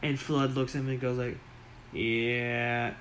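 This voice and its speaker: A man narrating a tabletop game as game master, relaxed and halting with fillers. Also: medium pitch, a little hiss or hum, poor audio.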